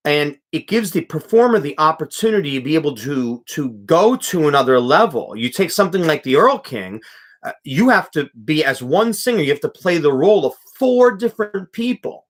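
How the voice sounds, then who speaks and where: A man's voice: on the high side, big pitch swings, normal speed. A young man, a music teacher, hosting a live stream, reading chat comments aloud and talking casually with many restarts and fillers.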